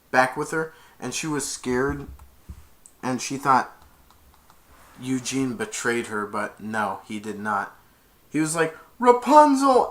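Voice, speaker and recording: A man's voice: mid-range voice, bright, forceful tone. A man casually retelling a movie, rambling with many restarts. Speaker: movie reviewer.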